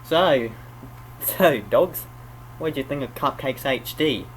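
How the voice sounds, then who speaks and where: A man's voice: medium pitch, animated, slow pace, slight background noise, poor audio. An Australian man hosting a reaction video, groaning and exclaiming in outrage at what he watches. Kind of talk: casual reaction commentary.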